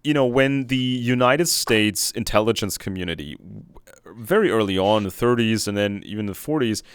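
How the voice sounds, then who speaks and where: A man's voice: on the low side, moderate pace, clear, resonant tone, no echo. A man talking earnestly in a video call conversation, often searching for his words mid-sentence.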